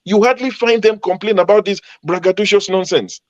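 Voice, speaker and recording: A man's voice: sits high, fairly quick, dry recording. A man from Ogun State in Nigeria, a panel guest arguing emphatically in a heated debate and repeating his points for force. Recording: dull lo-fi sound.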